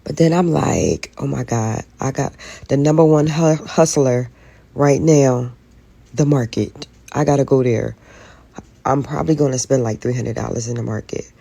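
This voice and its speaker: Husky, gravelly woman venting. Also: rumbling low, moderate pace, warm tone, no echo. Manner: profane, weary, tired of being an adult. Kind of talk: venting to camera.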